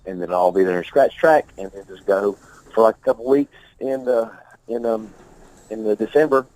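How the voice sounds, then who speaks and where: A man's voice: fairly low pitch, normal speed, a little mellow, rough recording. A man being interviewed about his music, talking in a loose, rambling, profane way, often repeating himself and laughing. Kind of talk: casual interview talk.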